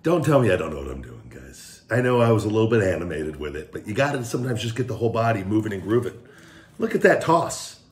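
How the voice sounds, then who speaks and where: A man's voice: fairly low pitch, very animated, racing, hardly any pauses, darkish tone. A man hosting his own food review vlog, hyped up, joking around and poking fun at himself. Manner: joking, hyped, self-mocking. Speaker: host.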